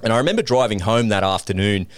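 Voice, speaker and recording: A middle-aged man, a podcast guest, telling a personal story in a lively way and acting out the voices in it. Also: fairly low pitch, fast, no room sound. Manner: animated, acts out the voices in his story.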